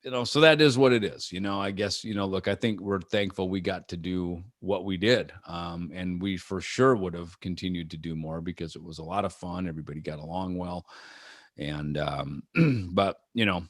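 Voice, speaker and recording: A man's voice: low-pitched, moderate pace, no room sound, clean studio sound. A man being interviewed over a video call, talking in a loose, rambling way with many fillers and restarts and acting out quotes. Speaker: rock musician guest. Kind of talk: casual interview chat.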